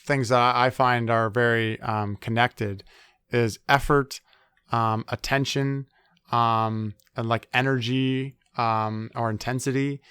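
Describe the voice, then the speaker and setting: A man's voice: medium pitch, fairly even intonation, slow, a bit bright, clean tone, dry recording. A man in his thirties, a sport psychologist in a conversational interview, talking with many fillers and acting out quoted complaints.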